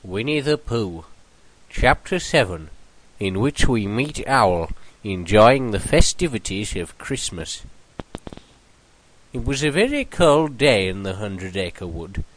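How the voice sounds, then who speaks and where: A man's voice: medium pitch, rough recording. A British man hosting a comedy show, reading a mock storybook in an earnest bedtime-story manner.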